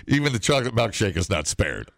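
A man riffing with his co-host on a morning show, his gravelly voice leaping all over the place as he rants and laughs. The studio sound is dry and close. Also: on the low side, normal speed, no echo. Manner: animated, swings into loud outbursts, laughs often. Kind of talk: casual morning show banter.

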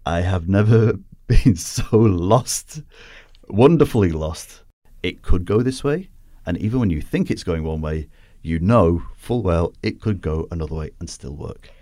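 A man's voice: sits low, animated, measured pace, warm tone, no room sound, clean studio sound. A man hosting a film review podcast, chatting casually and laughing often as he talks. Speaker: podcast host.

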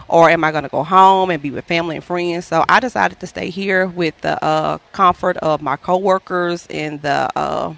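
A woman from Louisiana with a Southern accent, telling her personal story as a guest, hesitant and heartfelt with many fillers. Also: low voice. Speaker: guest, traveling worker.

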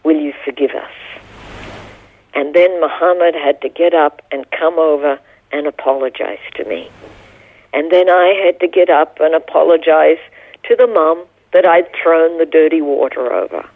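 A woman's voice: sits low, normal speed, no echo. A middle-aged woman, a guest, earnestly telling a personal story in an interview. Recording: tinny phone line.

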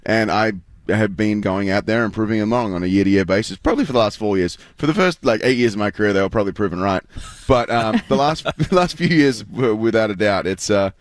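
A man's voice: on the low side, lively intonation, brisk, few pauses, no room sound. A man with an Australian accent, chatting as a guest in a casual interview, rambling with fillers and restarts. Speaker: guest athlete.

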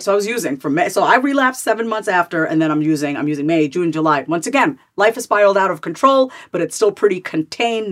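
Animated woman in her forties telling her story. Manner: animated, swings pitch widely to act out her own past thoughts. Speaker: podcast guest. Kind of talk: candid personal storytelling.

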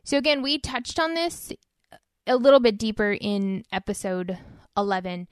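A woman's voice: medium pitch, fairly even intonation, moderate pace, clear, resonant tone, dry recording, studio quality. A woman co-hosting a faith podcast, explaining Bible verses in an earnest, conversational way. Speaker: podcast co-host. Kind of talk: casual faith podcast discussion.

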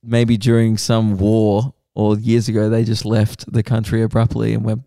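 A man's voice: on the low side, monotone, normal speed, vocal fry, dark tone, dry recording, clean studio sound. A man co-hosting a comedy podcast, teasing and thinking aloud in an offhand way. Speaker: comedian co-host. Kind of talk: casual podcast chat.

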